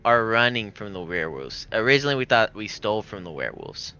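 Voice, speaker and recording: Lively, bright-voiced male player. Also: lowish voice, fast, clear, resonant tone, highs cut off. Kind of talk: casual tabletop play.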